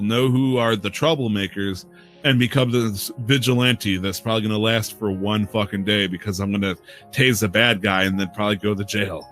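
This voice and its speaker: Man, podcast co-host, bright tense voice, casual rambling storytelling, swears a lot. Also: on the low side. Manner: rambling, profane storytelling with laughs. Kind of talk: casual chat.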